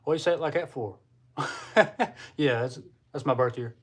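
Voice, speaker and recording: He's a young livestream host from the American South, folksy and chatty, speaking fast in a mid-range voice and calling his audience y'all. A little hiss or hum comes through the computer or phone mic.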